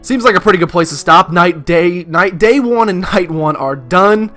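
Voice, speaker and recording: A man's voice: sits high, moderate pace, a bit bright. Guy doing lets play commentary, jokey and baffled, some game music faintly behind. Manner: joking, bemused reactions. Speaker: gaming video host.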